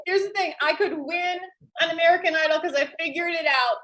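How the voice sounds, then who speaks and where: A woman's voice: very high voice, a little fast, a bit bright. A woman comedian doing a giggly, self-deprecating stand-up set over a video call.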